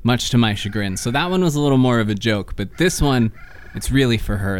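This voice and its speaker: A man in his thirties hosts a late radio music slot, talking in an easygoing, self-deprecating way between records. His voice sits at a middling pitch and comes through smooth and clear on a studio mic. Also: moderate pace. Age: 30s. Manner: laid-back, self-deprecating, stumbles on names. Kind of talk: casual radio show hosting.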